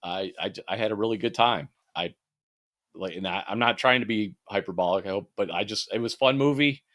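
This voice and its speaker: Bright sounding guy on a podcast, swears a lot, chatty and animated. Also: fairly low pitch, a little fast. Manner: profane, animated movie recommending. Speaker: podcast co-host. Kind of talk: casual chat.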